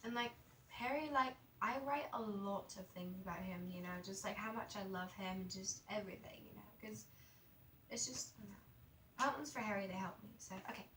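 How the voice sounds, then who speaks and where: A woman's voice: mid-range voice, normal speed, fairly bright tone, far from the mic, slight background noise. A young woman vlogging casually, rambling with lots of "like" and "you know", stuttering and mumbling now and then. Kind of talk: casual confessional vlog. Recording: roomy, a little off-mic, faint ambience.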